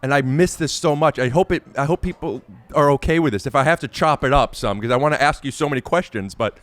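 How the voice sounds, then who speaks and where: A man hosting a podcast, talking in a rambling, excitable and self-deprecating way, with many restarts, and trying to sing along. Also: on the high side, fast. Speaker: podcast host. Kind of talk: casual chat and amateur singing.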